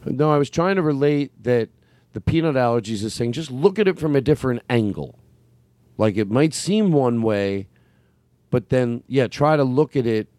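A man's voice: medium pitch, expressive, moderate pace, darkish tone, dry recording. A man with a Philadelphia accent, hosting a casual chat, talking in a rambling, self-correcting way and swearing freely. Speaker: podcast host.

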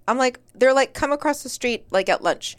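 A woman guest telling a story in casual chat, animated and acting out the quoted lines. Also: high voice, moderate pace, smooth. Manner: animated, acts out quoted dialogue, many "like" fillers. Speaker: podcast guest.

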